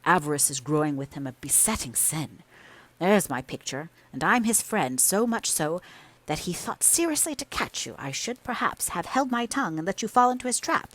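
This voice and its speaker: A woman voicing a proud, sharp-tongued young mistress of the house who speaks with scorn and emphasis. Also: on the low side, dry recording.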